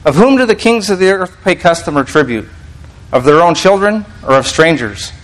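A man's voice: a little high, lively intonation, moderate pace, poor audio. A man preaching a casual teaching sermon, reading scripture aloud and explaining it in a conversational, restarting manner.

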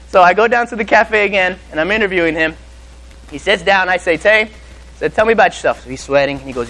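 A young man preaching and telling a lively personal story, acting out the people in it. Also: high-pitched, fast, rough recording.

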